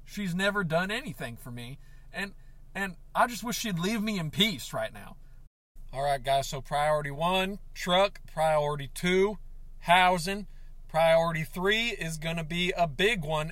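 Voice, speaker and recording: A man hosting a comedic podcast in a crude, rambling, self-pitying way, breaking into yelled outbursts. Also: sits high, animated, unhurried, no room sound. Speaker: podcast host.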